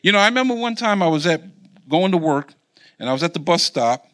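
A male Bible teacher delivers a sermon and keeps pausing for his listeners to finish his phrases. His voice sits high and swoops widely in pitch, with a bright, forceful edge. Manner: animated, quizzes the congregation. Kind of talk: sermon with call-and-response.

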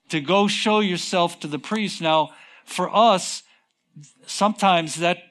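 A man preaching a sermon in an unhurried, emphatic way, stretching words for stress and slipping into folksy conversational asides. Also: fairly high pitch, a bit bright.

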